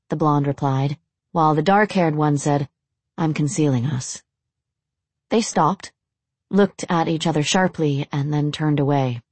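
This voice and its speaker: A woman reading a novel aloud in steady, measured narration. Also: low voice, no room sound. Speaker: audiobook narrator. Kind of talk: scripted narration.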